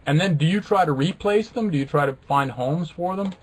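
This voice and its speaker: A man's voice: fairly high pitch, brisk, a little mellow, husky. A man hosting a live webcast, chatting casually and reading viewers' comments with a flippant, self-mocking humor. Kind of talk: casual rambling chat with viewers.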